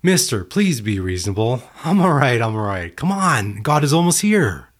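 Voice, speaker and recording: A man's voice: mid-range voice, very animated, moderate pace, pitched above the performer's own voice, natural voice. A man voicing a stubborn man who insists on waiting in a flood and brushes off every offer of help. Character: stubborn adult man refusing rescue in a flood.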